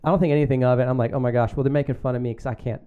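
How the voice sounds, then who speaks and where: A middle-aged man telling a story in casual chat as a podcast guest, animated and full of fillers and laughter. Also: mid-range voice, very fast, clear, resonant tone, narrow, tinny audio. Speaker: guest, magazine founder.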